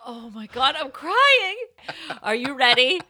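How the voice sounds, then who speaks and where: A young woman hosting a comedy podcast, chatting loudly and breaking into giggles. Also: high-pitched, sing-song, slow. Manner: giggly, loud, bursting into laughter. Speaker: podcast host. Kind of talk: casual comedy podcast chat.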